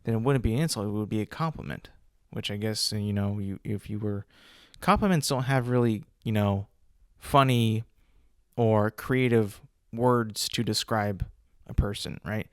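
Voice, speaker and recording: A man's voice: on the low side, normal speed, clear, resonant tone, dry recording, clean studio sound. A young man hosting a solo podcast, telling stories in a rambling, casual way with many fillers. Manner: rambling, filler-heavy storytelling. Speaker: podcast host.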